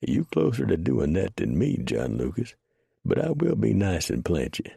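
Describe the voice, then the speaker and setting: A rough old mountain man talks in an easy folksy drawl with dry humor, as a male narrator puts him on. His voice is deep and gravelly with a husky edge. The sound is dry and close. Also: huge pitch swings, moderate pace, warm tone, no room sound, heavily acted. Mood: wry folksy.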